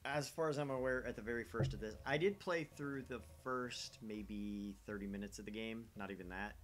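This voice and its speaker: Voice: mid-range voice, normal speed, slight background noise. A parent streaming a video game with their daughter, chatting casually with jokey asides.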